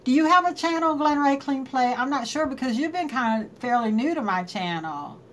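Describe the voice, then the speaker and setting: A woman's voice: high-pitched, animated, normal speed, a little hiss or hum. A woman hosting a casual live stream, chatting and greeting viewers by name and laughing often. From North Carolina.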